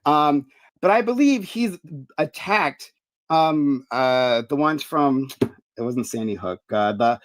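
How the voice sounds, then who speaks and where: Man, hesitant, halting, apologetic, dry sound. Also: on the high side, animated, dry recording. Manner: hesitant, many fillers and apologies. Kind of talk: casual debate.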